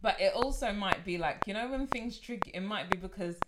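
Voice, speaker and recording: A woman's voice: medium pitch, fairly quick, very noisy. A woman co-hosting a podcast, chatting in a playful and supportive way. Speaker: podcast co-host. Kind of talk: casual chat.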